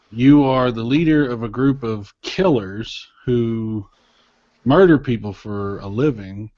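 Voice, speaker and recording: A man's voice: medium pitch, a little mellow. A man chatting as a podcast guest, rambling and thinking aloud with lots of fillers. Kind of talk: casual chat. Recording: slightly muffled podcast audio.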